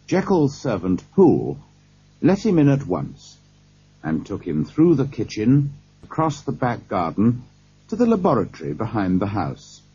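A man reads a storybook slowly and deliberately. His voice is low, husky and breathy, and his pitch moves a great deal. The sound is a dull, lo-fi cassette tape. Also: dark tone. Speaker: audiobook narrator. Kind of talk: scripted narration.

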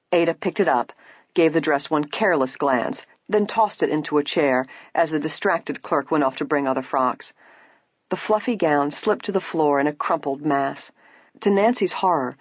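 A woman narrating a story in a steady storytelling manner, in a slightly muffled recording. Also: deep voice, husky, no echo. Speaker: audiobook narrator. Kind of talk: scripted narration.

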